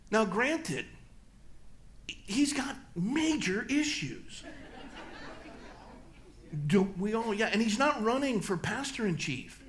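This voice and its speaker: Emphatic man preaching in a church. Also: sing-song. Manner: emphatic, rising to loud peaks, then dropping low and slow. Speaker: guest pastor speaker. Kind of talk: church talk and Q&A answer. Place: church hall.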